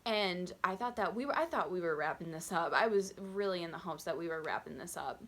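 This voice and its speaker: A woman in her twenties telling a storytime vlog, chatty and animated, acting out customers and her own waitress voice. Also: lowish voice, brisk. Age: 20s. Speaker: vlogger.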